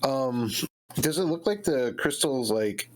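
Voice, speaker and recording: A man's voice: mid-range voice, lively intonation, takes it slowly, background noise. A man playing a character in a tabletop game, talking casually and thoughtfully with fillers. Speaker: player.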